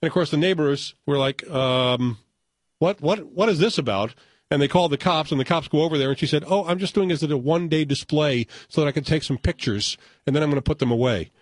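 A man's voice: fairly high pitch, quick pace, few pauses, dry recording. An older man hosting a radio show, telling stories in casual banter and chuckling as he puts on voices for callers. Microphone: studio microphone.

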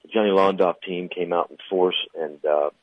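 A man's voice: sits low, fairly even intonation, fairly quick, no echo, phone-quality sound. A man, a car dealer on a radio show, chatting enthusiastically and teasing the host. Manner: enthusiastic, teasing, repeats words. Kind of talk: casual radio chat.

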